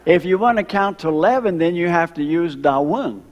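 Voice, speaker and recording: An older man from Ohio, a retired missionary, telling his story to a church congregation, slowing down for emphasis and drawing in the children. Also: on the high side, animated, lo-fi sound. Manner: storytelling, slows for emphasis, engages kids. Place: church sanctuary. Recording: long hall reverb.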